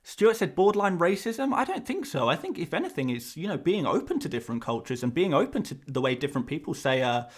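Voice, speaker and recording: A man's voice: fairly high pitch, very animated, quick pace, few pauses. An English man streaming live, rambling and self-conscious as he answers viewers, laughing often between restarts. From England. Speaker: fantasy football streamer.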